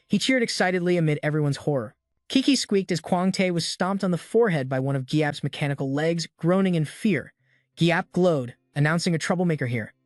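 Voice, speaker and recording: A man narrating a story recap in a steady, even storytelling manner. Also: fairly high pitch, no room sound, studio quality. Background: faint music.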